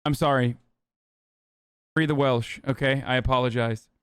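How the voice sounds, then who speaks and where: Clear-voiced joking male streamer. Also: medium pitch, steady tone, normal speed, no echo, studio quality. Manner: profane, joking, sarcastic. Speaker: streamer host. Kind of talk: casual livestream reaction.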